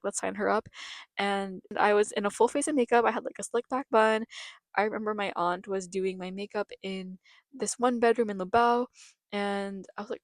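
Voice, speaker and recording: A woman's voice: mid-range voice, dry recording. A young woman from the Philippines, telling chatty, nostalgic and emotional childhood stories on her podcast. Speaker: podcast host. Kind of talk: personal storytelling podcast.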